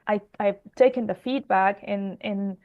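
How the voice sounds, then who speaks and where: A woman, an HR expert answering interview questions in an expressive, animated way. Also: mid-range voice, a little slow, narrow, tinny audio. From Mexico. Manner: expressive, talks with her hands. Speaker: HR expert guest.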